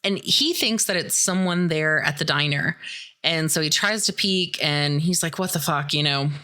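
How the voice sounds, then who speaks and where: Woman podcast host, low but bright voice, snarky and casual in her film recap. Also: normal speed. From Midwestern US. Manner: sarcastic, chatty, swears freely. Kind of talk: casual movie recap commentary.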